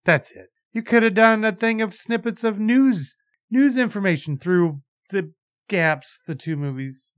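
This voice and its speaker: A man's voice: high-pitched, animated, measured pace. A man in casual chat reviewing a movie, blunt and sarcastic, swearing freely.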